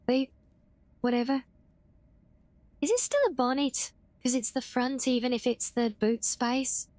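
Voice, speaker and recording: A British woman with a high voice chats her way through a live game stream, unhurried and full of little self-corrections. Her voice sits close and dry on the mic, with no room sound around it. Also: fairly even intonation, a little mellow, no echo. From Britain (half English, half Welsh). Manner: chatty, self-correcting, reads out and answers chat. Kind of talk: casual live-stream chat while gaming.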